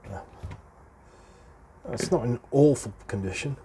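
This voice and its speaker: This mid-range, mellow voice belongs to a middle-aged man with a British English accent who speaks a little slowly. As an airgun hobbyist presenter, he guides a casual hands-on repair, chatting and explaining as he goes and chuckling between points.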